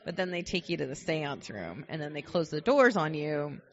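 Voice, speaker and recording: A woman's voice: sits low, animated, normal speed. A woman guest on a podcast, telling stories in a chatty, rambling way and joking as she goes. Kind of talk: casual storytelling chat. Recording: dull lo-fi festival recording.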